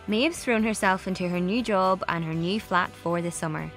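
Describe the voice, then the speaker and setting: A woman narrating a novel in a measured, quietly wry way. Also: on the low side, faint music behind. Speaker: audiobook narrator. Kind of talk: scripted narration.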